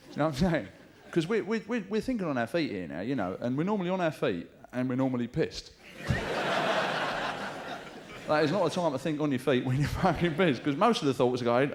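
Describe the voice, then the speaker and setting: Swearing stand-up comic, lively pitch. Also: male voice, brisk, a crowd in the background. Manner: swearing, chatty, mimics voices for jokes. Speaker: stand-up comedian. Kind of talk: live stand-up comedy. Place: comedy club stage. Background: audience laughter.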